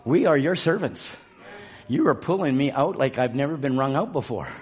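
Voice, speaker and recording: A man preaching a fervent sermon in a church, shouting and calling out to the congregation. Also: medium pitch, expressive, moderate pace, slightly rough, dull audio. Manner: shouting, call-and-response exhortation. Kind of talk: fervent Pentecostal-style sermon. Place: church sanctuary.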